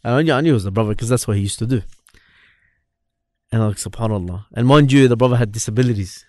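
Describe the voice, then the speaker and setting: A man in his thirties with an Australian accent tells a story in a relaxed, chatty way. He acts out both sides of a conversation and laughs through it, in a dry, close studio sound. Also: medium pitch, fast talker, no echo. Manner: animated, laughs while telling, acts out dialogue. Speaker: podcast co-host. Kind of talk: casual storytelling.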